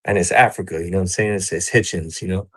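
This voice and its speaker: A man's voice: sits low, fairly even intonation, quick pace. A man who works as a boxing coach, talking in a laid-back, casual way and constantly checking in with "you know what I'm saying.". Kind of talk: casual interview chat.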